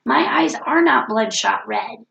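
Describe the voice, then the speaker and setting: A woman's voice: fairly high pitch, lively intonation, measured pace, gravelly, a bit bright, echoey room, highs cut off. A woman with a cold talking earnestly into the camera in a reflective self-help vlog, repeating her key points. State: has a cold. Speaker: vlogger.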